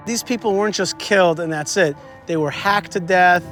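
A man guiding a tour outdoors at a historic site, teaching history in an animated way and quizzing his listeners. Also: sits high, normal speed, music in the background. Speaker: tour guide. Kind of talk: history lesson told on a tour.

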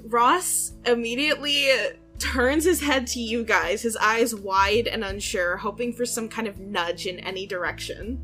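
A woman narrates a tabletop fantasy game as game master, describing scenes at a steady pace. Her voice is bright and slightly high. Faint music plays underneath. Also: unhurried.

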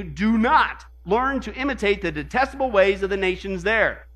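A middle-aged man preaching with a very high, piercing voice. He is emphatic, calls out questions to the congregation, and drops low and hushed when he gives warnings. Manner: reads scripture aloud with sudden drops in pitch and volume for warnings. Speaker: pastor. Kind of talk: sermon.

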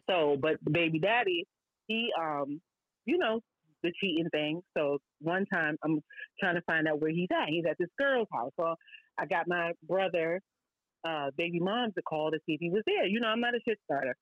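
New woman, podcast guest, blunt and lively storyteller, dry and muffled lo-fi sound. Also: low voice, no echo. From Brooklyn, New York. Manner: lively, blunt, heavy slang and asides.

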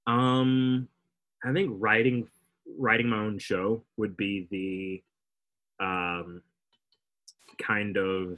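A man's voice: on the low side, level tone, drawn-out words, long pauses, a bit bright, low-quality recording. A young man, a comedian guest, talking in a rambling, self-interrupting, wry way in a casual interview.

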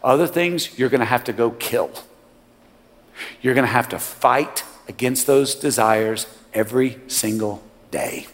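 A male pastor preaching a sermon, swinging from loud rising lines to quiet low ones. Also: measured pace. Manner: preaching with sudden loud rises and quiet drops. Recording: long hall reverb.

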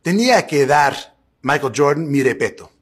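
Husky man speaking slowly and carefully. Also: a little high, animated. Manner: slow, careful, searching for words. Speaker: interviewee speaking Spanish. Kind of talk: recorded interview clip.

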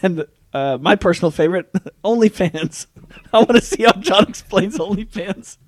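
A man's voice: sits high, moderate pace, no echo, clean studio sound. A man co-hosting a podcast, giggly and teasing as he chats. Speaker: podcast co-host. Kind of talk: casual chat.

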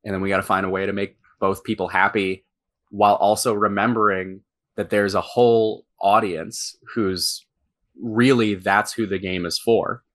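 A man's voice: fairly low pitch, fairly even intonation, normal speed. A man who writes for games, talking casually in an interview, rambling with many fillers and restarts. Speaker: game writer.

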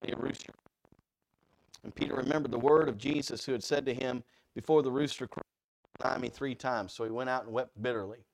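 Male preacher, gravelly voice, mid pitch, conversational sermon, animated, asks listeners questions. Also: fairly quick, a little hiss or hum. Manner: animated, rhetorical questions to the audience.

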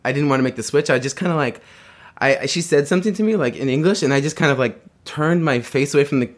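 Speaking quickly in a slightly high voice, a man shares a personal anecdote during a relaxed chat. His telling wanders, with frequent restarts and bursts of laughter, and he does voices for the quoted lines.

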